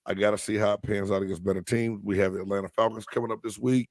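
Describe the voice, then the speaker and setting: A man's voice: on the low side, quick pace, few pauses, a little mellow, dry recording. A man co-hosting a sports podcast, arguing football points emphatically in casual debate. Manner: emphatic, argumentative football fan.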